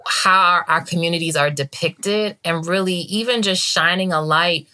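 A woman from Baltimore, a journalist, answering interview questions in expressive, animated storytelling. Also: on the low side, moderate pace. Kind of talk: conversational interview.

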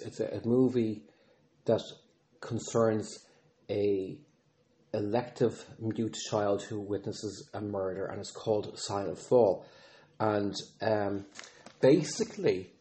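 Earnest low-voiced man, halting delivery. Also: warm tone. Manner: earnest, halting, with frequent restarts and fillers. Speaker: podcast host, father of an autistic son. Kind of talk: reflective personal podcast monologue.

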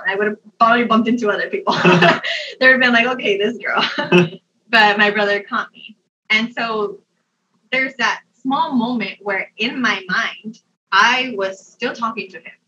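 Bright young woman telling a story. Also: fairly high pitch, slight background noise. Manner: animated, laughs often, many "like" fillers. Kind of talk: casual personal storytelling. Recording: dull, distant mic sound.

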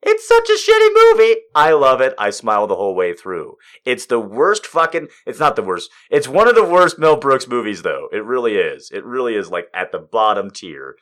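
A man in his thirties giving a casual comedic monologue, swearing freely and swinging between loud outbursts and muttered asides. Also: fairly low pitch, sing-song, normal speed, few pauses.

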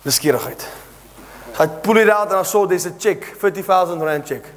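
Animated preacher, high voice. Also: male voice, brisk, in a large hall. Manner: animated, acts out dialogue, laughing asides. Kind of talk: storytelling sermon.

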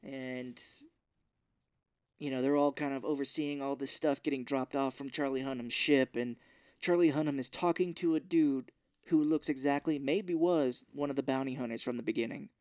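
A man's voice: medium pitch, steady tone, normal speed, darkish tone, no echo, clean studio sound. A man co-hosting a podcast, recapping a film in a rambling, jokey way. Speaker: podcast co-host. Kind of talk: casual film recap chat.

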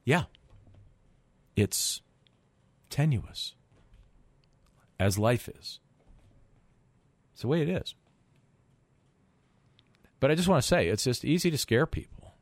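Animated male radio finance host. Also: medium pitch, slow pace, long pauses, no echo. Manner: animated, emphatic, repeats words, rhetorical questions. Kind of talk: call-in radio talk monologue. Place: radio studio.

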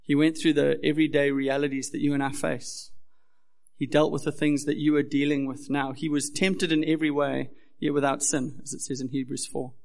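A young pastor preaches with earnest conviction, his voice sitting a touch high for a man. There is a gravelly fry in his tone, and the sermon builds in intensity as he goes. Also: little pitch movement, brisk, darkish tone.

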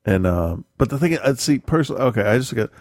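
A man's voice: mid-range voice, expressive, fast, a little mellow, dry recording. A man chatting casually as a podcast host, telling a meandering story full of restarts and laughs. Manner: rambling storyteller, self-correcting, laughs often. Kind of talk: casual chat.

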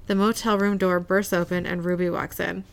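This podcast co-host has a fairly low, flat voice with vocal fry and a brisk pace. Chatting casually, she recaps a TV episode by narrating scenes and quoting characters, often breaking into laughter.

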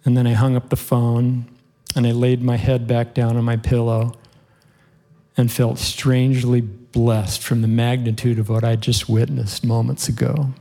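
With vocal fry in his medium-pitched, level voice, a man preaches at an unhurried pace. His sermon takes the form of an earnest, heartfelt story told to his congregation, broken by occasional soft laughter.

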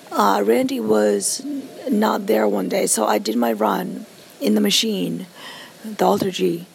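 A woman's voice: mid-range voice, gravelly, slight background noise, poor audio. A woman who survived a stroke, casually telling a personal story with many asides and fillers.

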